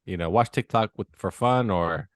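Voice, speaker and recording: A man's voice: on the low side, normal speed, no echo. A man co-hosting a podcast in casual banter, rambling and swearing freely. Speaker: podcast co-host.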